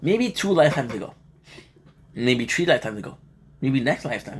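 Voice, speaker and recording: A man's voice: medium pitch, big pitch swings, brisk, long pauses, slightly rough. A man live streaming, chatting casually and joking with his viewers before moving on to game commentary, sounding tired and a little sick. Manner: laid-back, joking banter with chat. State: tired and feeling a bit sick.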